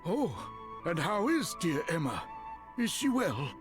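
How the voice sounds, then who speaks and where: An actor playing a wounded old knight who speaks in courtly, archaic English. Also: male voice, sits high, sing-song, measured pace. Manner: archaic formal speech. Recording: game audio under music.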